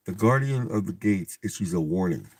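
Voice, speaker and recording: A man with a low, husky voice reads a storybook aloud, swearing and scoffing between passages. The sound is dry and close, with no room around it. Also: expressive, moderate pace, a little mellow, no echo. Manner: profane, incredulous outbursts. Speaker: reader and commentator. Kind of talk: comedic read-aloud with commentary.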